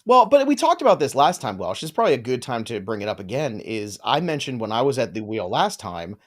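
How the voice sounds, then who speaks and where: A man in a mid-range voice hosts a casual live draft show. He teases his co-hosts with animated banter. He talks through picks in a relaxed, chatty way. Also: medium pitch, fairly quick. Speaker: fantasy baseball podcast host.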